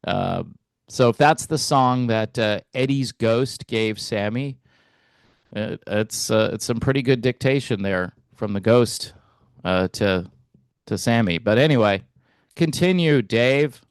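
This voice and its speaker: A man hosting a music commentary channel, talking in a relaxed, hesitant way with wry asides. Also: mid-range voice, measured pace, clear, resonant tone, no echo, clean studio sound. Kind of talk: casual reaction commentary.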